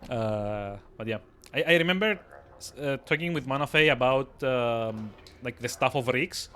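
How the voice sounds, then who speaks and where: A man live-streaming a game from his desk, talking casually to viewers. He rambles, stumbles over his words and restarts his sentences. He chuckles often, and his voice sits at a middling pitch. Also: normal speed, a bit bright. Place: at his desk with two screens.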